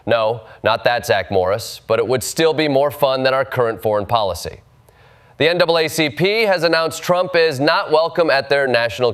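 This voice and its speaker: A man's voice: mid-range voice, fairly bright tone, clean tone. A man hosting a scripted satirical news segment, delivering punchlines in a dry, sarcastic way. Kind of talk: scripted comedic news narration.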